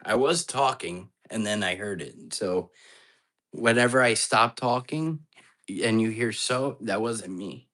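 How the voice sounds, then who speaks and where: A man's voice: fairly low pitch, slow, bright, forceful tone. Jumpy man chatting on a night livestream. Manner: chatty, jumpy, talks straight to his chat. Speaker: live-stream ghost hunter host. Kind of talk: casual live-stream chat. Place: apartment indoors at night.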